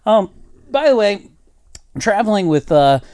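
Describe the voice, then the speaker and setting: A man's voice: high-pitched, sing-song, unhurried, mellow, clean tone, no echo, clean studio sound. A man telling a long travel story in a casual podcast chat, full of fillers and quoted voices. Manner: rambling storyteller, many fillers and acted quotes. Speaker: podcast host.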